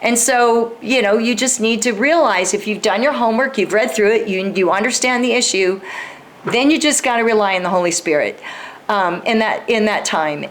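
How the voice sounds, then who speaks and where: A woman speaker teaching a group in a conversational way, acting out sample dialogues and asking the audience questions directly. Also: a little high. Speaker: speaker teaching a class on persuasion. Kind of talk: instructional talk to a live group.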